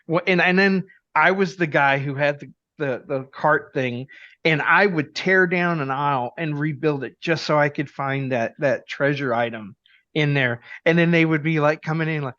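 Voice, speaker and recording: A middle-aged man chatting on a podcast, telling lively anecdotes and acting out the dialogue of the people in them. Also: a little high, normal speed, no room sound, highs cut off. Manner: lively anecdotal storyteller who acts out dialogue. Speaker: podcast co-host. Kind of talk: casual chat.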